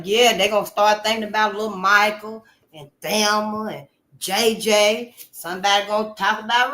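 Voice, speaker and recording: A woman from Memphis, hosting a casual, animated monologue, calling listeners honey and swearing freely. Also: medium pitch, normal speed. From Memphis, Tennessee. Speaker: channel host.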